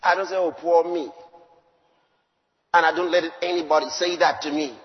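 High-voiced preacher in an echoing hall. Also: male voice, fairly even intonation, quick pace, lo-fi sound. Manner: emphatic, swinging from loud declarations to low asides. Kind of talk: sermon.

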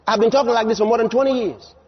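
Male preacher, high and animated voice, emphatic and repetitive, dull live-sermon recording. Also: racing. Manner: emphatic, repeats lines, rises to shouts.

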